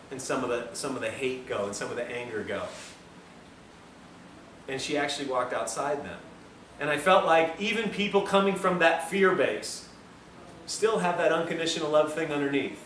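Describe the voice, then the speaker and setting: A man giving a health lecture, telling a story with a lively, self-mocking manner to a room of listeners. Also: a little high. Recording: roomy, distant mic, faint hiss.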